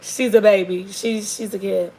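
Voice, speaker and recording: Brief: young mom, gravelly voice, chatty, faint hiss behind. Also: female voice, mid-range voice, moderate pace, poor audio. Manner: animated, chatty, lots of fillers. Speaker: mother. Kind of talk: casual storytelling chat. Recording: faint background noise.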